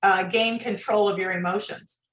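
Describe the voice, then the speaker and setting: A woman's voice: medium pitch, steady tone, normal speed, a bit bright, echoey room, low-quality recording. A woman author, a guest on an interview podcast, explaining advice in a coaching tone. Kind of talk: interview, giving workplace advice.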